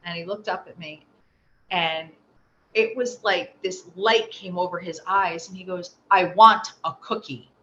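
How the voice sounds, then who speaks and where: Bright-voiced woman telling a personal story. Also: fairly low pitch, a little slow. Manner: animated, acts out quoted voices. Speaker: interview guest. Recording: slightly dull audio with faint noise.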